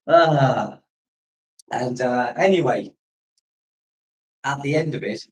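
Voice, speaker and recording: A man's voice: mid-range voice, takes it slowly, distant mic, rough recording. A man talks freely in a casual live-stream chat, drifting from one story to the next. He keeps breaking off to answer comments from viewers, in an easygoing, unscripted way. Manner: rambling, chatty, reads out viewer comments. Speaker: expat livestream host.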